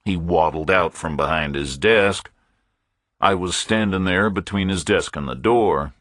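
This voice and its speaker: Deep-voiced, husky male audiobook narrator. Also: unhurried, fairly bright tone, dry recording, studio quality. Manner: laconic and matter-of-fact. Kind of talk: scripted first-person thriller narration.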